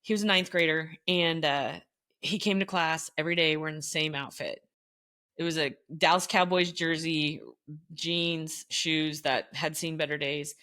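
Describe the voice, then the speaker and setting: A middle-aged woman, a former teacher, telling stories as a podcast guest in an animated way, leaping up in pitch whenever she quotes someone. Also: normal speed. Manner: animated, jumps high in pitch when quoting others. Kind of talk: casual storytelling conversation.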